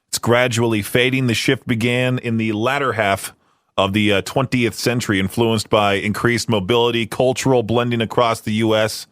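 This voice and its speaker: A man's voice: mid-range voice, a bit bright, no room sound, clean studio sound. A man hosting a radio podcast, chatting casually about news in a rambling way, with plenty of fillers and restarts. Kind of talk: casual talk-show commentary.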